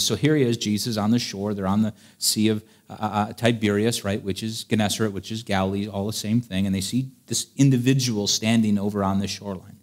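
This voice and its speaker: A man preaching a sermon in a chatty, playful way, reading old-fashioned scripture and acting out the scenes. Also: fairly low pitch.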